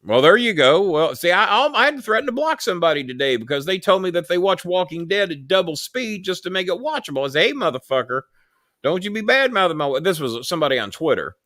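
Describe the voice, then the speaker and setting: This live-show host speaks quickly with a high pitch and hardly any pauses, in clean studio audio without echo. His storytelling is casual, blunt, and animated, loaded with profanity.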